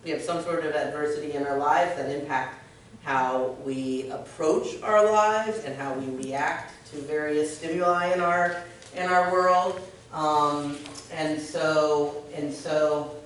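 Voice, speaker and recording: Earnest woman explaining from across an echoey room. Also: low voice. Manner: earnest, emphatic, often checks in with "right?". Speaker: social services staff member leading a discussion. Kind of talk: explanatory workplace discussion. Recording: echoey room, distant mic, faint noise.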